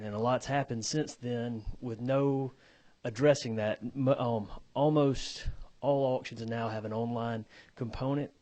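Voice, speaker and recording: Halting man testifying as an auctioneer. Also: mid-range voice, darkish tone. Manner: halting, repeats words while explaining. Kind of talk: committee testimony.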